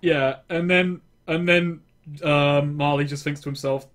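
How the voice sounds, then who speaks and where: A man's voice: a little high, fairly even intonation, unhurried, a bit bright. A man talks casually as a player in a tabletop game. He rambles and stops to correct himself as he goes.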